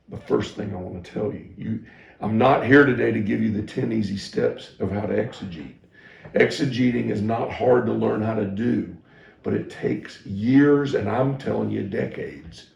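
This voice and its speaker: A middle-aged man with a low, gravelly voice tells a candid, self-deprecating story to ministry staff as a pastor and teacher. He restarts his sentences often as he works through his thoughts, and the room around him is echoey. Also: moderate pace, darkish tone.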